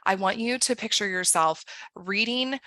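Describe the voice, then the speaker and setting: Woman career coach, bright voice, upbeat, guided visualization, dry close sound. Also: medium pitch, normal speed, no echo. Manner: upbeat, acts out excited inner thoughts.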